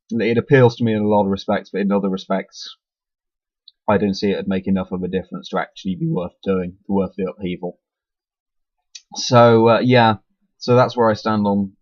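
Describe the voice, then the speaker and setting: A man's voice: lowish voice, no echo. A young man talking casually into his webcam, rambling and self-deprecating, with lots of restarts and the hiccups. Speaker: YouTuber. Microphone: webcam mic. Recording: dull lo-fi webcam audio, dry.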